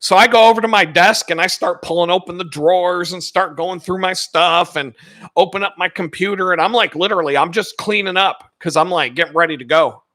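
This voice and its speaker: Male channel host, casual profane storyteller, bright forceful voice, dry close sound. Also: high voice, fairly quick, no echo. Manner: animated, profane, acts out the people he quotes.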